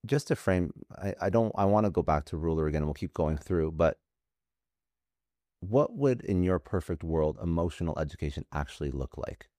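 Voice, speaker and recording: A man hosting an interview, asking measured, thoughtful questions. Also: low-pitched, animated, dark tone, no room sound, studio quality. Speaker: interviewer, host. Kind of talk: conversational interview.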